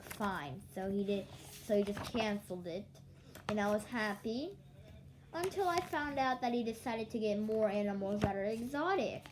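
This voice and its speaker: A woman's voice: medium pitch, poor audio. A young woman vlogging from home, telling a rambling story in a sleepy, yawning voice, often restarting and acting out what others said.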